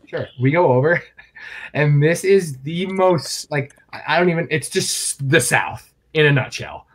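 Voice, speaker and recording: A young man from New York State, a guest angler in casual podcast chat, telling stories in an animated way and laughing often. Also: on the high side, measured pace, poor audio.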